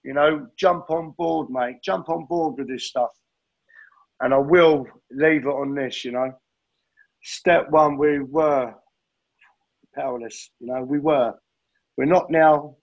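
A man's voice: on the high side, fairly even intonation, slow pace, vocal fry, long pauses, muffled recording. A man sharing his recovery story at a meeting, earnest and heartfelt, often calling listeners "mate". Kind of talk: personal testimony at a recovery meeting.

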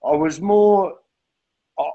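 Middle-aged bloke, recovery share, rambly and sweary, bit high voice, dull lo-fi sound. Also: male voice, slow pace, creaky. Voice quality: rambling, blunt, swears, says mate constantly. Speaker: speaker sharing his recovery story.

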